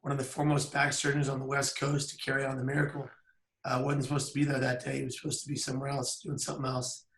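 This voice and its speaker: A man in his thirties telling a personal story on camera in an earnest, measured way with pauses. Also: medium pitch, monotone, fairly bright tone, roomy sound. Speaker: public speaker. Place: outdoors by a bridge.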